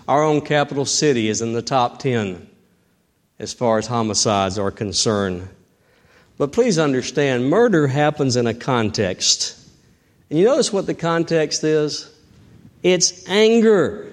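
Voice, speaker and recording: A middle-aged man preaching a sermon, emphatic and rising in pitch on key points. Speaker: pastor.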